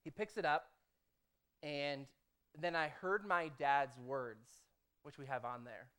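Smooth-voiced pastor preaching conversationally. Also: medium pitch, takes it slowly. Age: adult, formerly a motivational speaker. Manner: conversational, punctuates with "okay?" and "right?"; lively storytelling, acts out own quoted prayers. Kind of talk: sermon with a story.

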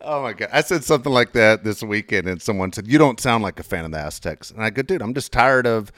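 A man's voice: fairly low pitch, expressive, fast, fairly bright tone, no echo, clean studio sound. Casual, swearing sports-talk man. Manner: agreeable, profane, casual. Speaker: podcast co-host.

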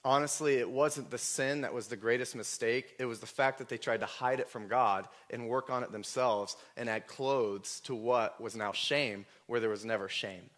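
A man preaching a sermon, earnest and emotional, telling personal stories and at times rising almost to a shout. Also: mid-range voice, moderate pace, few pauses. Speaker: pastor.

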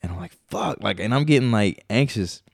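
A man's voice: lowish voice, lively intonation, fast, vocal fry, dry recording, clean studio sound. A man co-hosting a podcast, telling rambling stories in casual chat, swearing a lot and acting out his own reactions. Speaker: podcast co-host.

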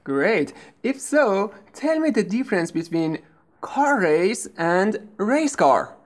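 Woman english teacher, slow and patient, voice goes up and down a lot, lesson dialogue. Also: medium pitch, very animated. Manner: patient, explains slowly and clearly. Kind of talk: scripted language-lesson dialogue.

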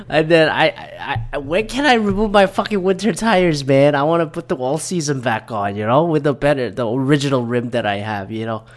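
A man's voice: mid-range voice, expressive, brisk, few pauses. A young man from Michigan hosting his own podcast, ranting casually with lots of swearing and stumbling restarts. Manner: profane, rambling, restarts often. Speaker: podcast host. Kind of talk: casual solo podcast rant.

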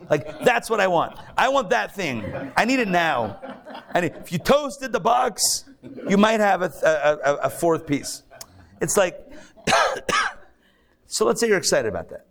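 A rabbi delivering a live sermon in a congregation's hall, his voice a touch high and gravelly. He jokes with the room and slips into mocking impressions of people before returning to his point. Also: unhurried. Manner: animated, joking, acts out mock quotes. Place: synagogue hall.

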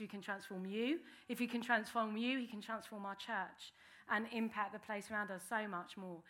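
A woman delivers a sermon with a bright, slightly high voice. She speaks earnestly and conversationally, restarting phrases as she goes. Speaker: preacher.

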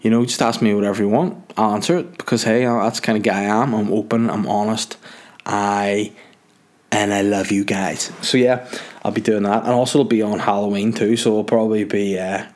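Man, Northern Irish accent, lowish voice, casual rambling podcast chat, jokey. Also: fairly even intonation, a little fast, darkish tone. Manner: rambling, jokey, self-mocking. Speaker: podcast host.

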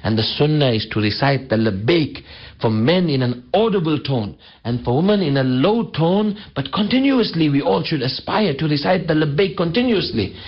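A man's voice: on the high side, expressive, slightly rough. Male preacher chanting, slightly dull audio. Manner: slow, drawn-out chanting of Arabic phrases between quick explanations. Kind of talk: sermon.

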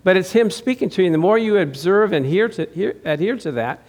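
A middle-aged male pastor with a high-pitched voice preaches to his congregation in a chatty, conversational way. He poses rhetorical questions and often doubles back to repeat or restart his phrases. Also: expressive, a little fast, a little mellow. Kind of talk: sermon.

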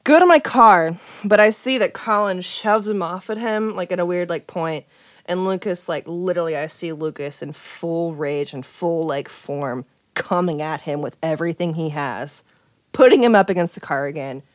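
A woman's voice: fairly low pitch, normal speed, no room sound. A young woman telling a dramatic personal story in casual chat, swearing freely and acting out what people said. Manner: animated, swearing, acts out quotes. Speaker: storyteller guest.

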